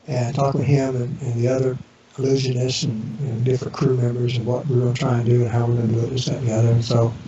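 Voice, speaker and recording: A man as an interview guest, telling rambling casual anecdotes full of fillers and restarts, acting out the voices of people in his stories. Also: mid-range voice. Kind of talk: casual storytelling. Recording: echoey, distant, muffled internet radio audio with crowd noise.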